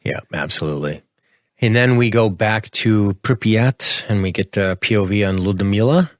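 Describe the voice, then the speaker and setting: A man with a very low, deep voice talks casually through scenes as a podcast co-host. The sound is dry and close, with no room echo. He keeps an easy, chatty flow. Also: normal speed. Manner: recaps scenes in a relaxed, chatty way.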